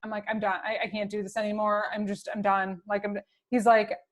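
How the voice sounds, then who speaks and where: A woman hosting a podcast in a relaxed, conversational way. She asks questions and backs up her guest with steady affirmations. Her talk is chatty and supportive. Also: medium pitch, brisk. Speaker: podcast host. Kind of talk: casual interview conversation.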